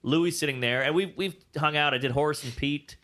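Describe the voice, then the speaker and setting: Animated man telling comedy stories. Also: fairly high pitch, a little fast. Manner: animated storyteller, acts out quotes, swears freely. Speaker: comedian guest. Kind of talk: casual interview storytelling.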